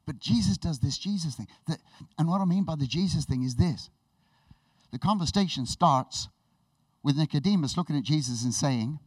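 Male preacher, sermon, animated storytelling, somewhat high voice, slightly distant mic, dry sound. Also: breathy edge, no echo. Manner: animated, enthusiastic storytelling with laughs and restarts.

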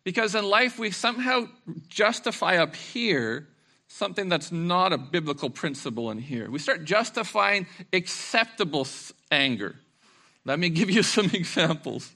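Preaching with lively storytelling, this middle-aged pastor acts out voices and laughs as he goes. He speaks at a moderate pace in a high-pitched voice.

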